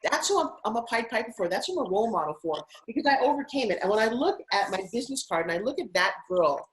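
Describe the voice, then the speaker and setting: A middle-aged woman from Long Island, talking as an interview guest in an upbeat, animated, persuasive way about her own story. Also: fairly high pitch, quick pace, rough recording. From Long Island, United States. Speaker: guest, TV host and spokesperson. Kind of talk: motivational interview talk.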